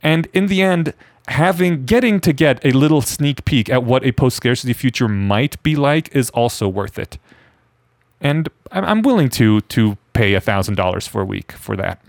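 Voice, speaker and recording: A man's voice: mid-range voice, animated, normal speed, no room sound, studio quality. Chatty, enthusiastic podcast man. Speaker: podcast co-host. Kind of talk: casual podcast conversation.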